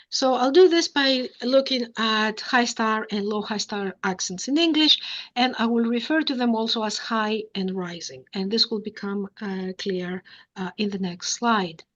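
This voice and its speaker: A woman giving an academic lecture, explaining step by step, often pausing on "uh" and checking with "okay?". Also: medium pitch, muffled recording.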